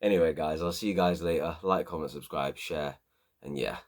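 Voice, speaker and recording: A man's voice: extremely low pitch, brisk. A man hosting a football review channel, ranting emphatically and repeating his points with casual slang.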